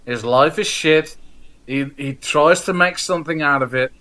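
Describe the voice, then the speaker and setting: A man's voice: a little high, normal speed, sharp tone. A man co-hosting a casual podcast over a video call, joking and telling stories. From Netherlands. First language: Dutch. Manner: joking, storytelling. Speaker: podcast co-host. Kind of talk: casual chat.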